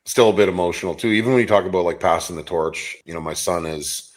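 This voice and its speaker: A man's voice: sits low, quick pace. A man in his forties hosting a podcast, talking earnestly in a rambling, self-correcting way. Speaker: podcast host. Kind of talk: casual interview.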